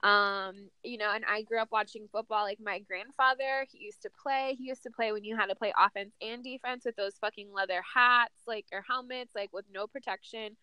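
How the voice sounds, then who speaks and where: A woman's voice: mid-range voice, fairly even intonation, fairly quick, hardly any pauses, bright, forceful tone, smooth, no echo. A woman co-hosting a casual sports chat, talking in a profane, emphatic and petty way. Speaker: podcast co-host.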